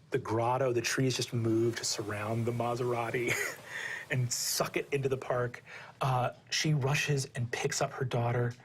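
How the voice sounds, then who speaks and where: Brief: casual game master, loose filler-heavy narration, mid-pitched, faint ambience. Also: male voice, flat delivery, a little slow, slight background noise.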